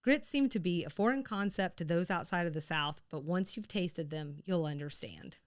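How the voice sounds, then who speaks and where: A woman's voice: lowish voice, moderate pace. A woman from the American South co-hosting a podcast, talking in a casual, chatty way with rambling asides and laughs. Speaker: podcast co-host. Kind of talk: casual chat.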